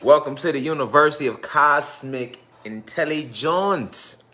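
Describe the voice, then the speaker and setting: A man hosting a casual livestream as a spiritual teacher, talking in a loose, slangy, profane and repetitive way. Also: moderate pace. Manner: animated, jumps into high-pitched voices when quoting fans.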